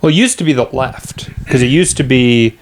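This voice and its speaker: A man's voice: mid-range voice, moderate pace. A male comedian on a podcast, telling a story in a crude, rambling way and laughing often. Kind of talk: casual chat, storytelling.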